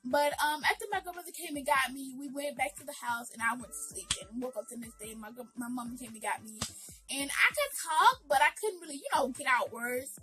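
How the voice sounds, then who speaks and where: Woman vlogger, high bright voice, earnest storytime, talks straight to viewers. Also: fairly quick, soft background music, low-quality recording. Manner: earnest, addresses viewers directly, many fillers. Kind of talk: emotional storytime.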